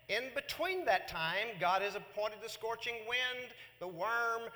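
Man, sermon, high bright voice, long hall reverb, animated preaching. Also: a little slow. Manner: animated preaching, voices God and Jonah in quotes. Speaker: pastor.

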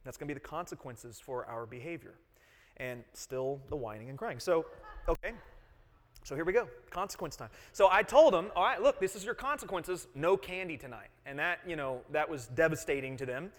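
A pastor in his thirties preaches earnestly at a normal speed, his voice on the high side with lively intonation. He explains his points, repeats key phrases, and asks the congregation questions, with long hall reverb on the recording.

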